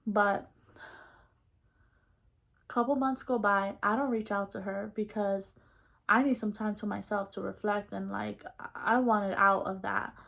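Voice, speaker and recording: A woman's voice: medium pitch, measured pace, vocal fry, long pauses. A young adult woman vlogger telling a personal story in a candid, casual, slangy way, acting out the dialogue as she goes. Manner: candid, expressive, slangy retelling; acts out quoted dialogue in her story.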